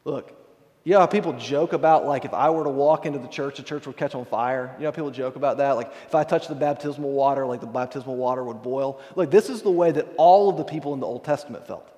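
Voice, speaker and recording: A man's voice: medium pitch, fast, dark tone. A man preaching a sermon in a church, in a casual, conversational way, with frequent asides to the congregation. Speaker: pastor. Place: church sanctuary. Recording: long hall reverb.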